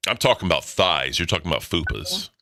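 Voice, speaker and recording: A man's voice: low voice, big pitch swings, fast, creaky, bright, forceful tone, slight background noise. A man hosting a podcast in casual, profane, rambling banter. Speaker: podcast host. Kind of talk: casual crude commentary.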